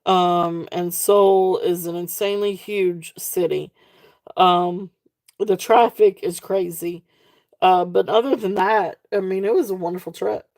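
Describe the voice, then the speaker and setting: A woman's voice: fairly low pitch, fairly even intonation, measured pace, darkish tone. A woman with a Southern accent hosting a live jewelry sale, chatting casually and rambling off on tangents, laughing often. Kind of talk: casual live-stream selling chat.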